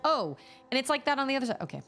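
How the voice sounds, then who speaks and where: A young woman streaming a video game, chatting casually and thinking out loud as she plays. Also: sits high, very animated, very fast, faint music behind. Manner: chatty, musing aloud, reading chat. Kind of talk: casual gameplay commentary.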